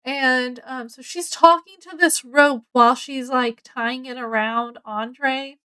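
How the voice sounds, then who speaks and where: A woman's voice: sits high, takes it slowly, clear, resonant tone, low-quality recording. A woman casually reviewing a book, retelling its plot in a rambling way with many ums and self-corrections. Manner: acts out characters' lines with excitement.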